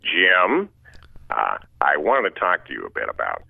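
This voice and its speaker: A man on a phone line imitating an awkward older father, low and halting with many pauses. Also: huge pitch swings, gravelly, slightly rough, no echo, exaggerated voice. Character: awkward older dad giving a fumbling talk.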